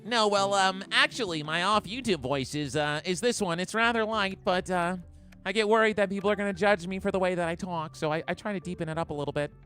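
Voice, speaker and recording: A man's voice: high voice, fairly quick, pushed and bright, soft background music, pitched above the performer's own voice. A man putting on a light, hesitant voice as a shy, self-conscious version of himself. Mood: bashful.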